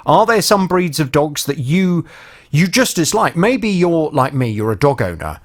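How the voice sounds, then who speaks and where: A man's voice: a little high, big pitch swings, a little slow. A man hosting a radio phone-in show, talking directly to listeners in a conversational way.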